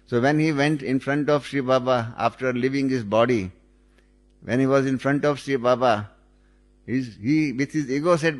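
A man's voice: medium pitch, normal speed. A man with an Indian English accent telling a spiritual story in an earnest way, repeating his phrases. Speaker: spiritual speaker.

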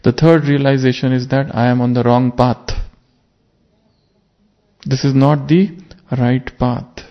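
In a flat, somewhat slow, mid-range voice, a man gives a spiritual sermon that includes a parable. Earnest and reflective, this spiritual teacher poses searching rhetorical questions to his listeners. The recording sounds muffled and lo-fi.

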